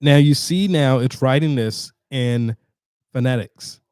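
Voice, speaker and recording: A man hosting a casual screen-share tutorial, chatty and halting with fillers and restarts, sounding tired. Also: medium pitch, darkish tone, clear, resonant tone, no echo, clean studio sound. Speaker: tutorial host.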